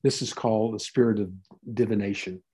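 A man's voice: fairly low pitch, fairly even intonation, fairly quick, mellow, husky. A man teaching a Bible passage in a conversational sermon, retelling and explaining it in a folksy way.

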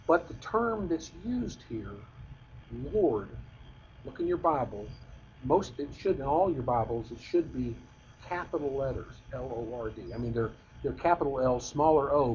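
A man's voice: mid-range voice, a little hiss or hum. A man teaching a Bible class in a conversational, rambling way, often restarting his sentences. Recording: dull lo-fi recording.

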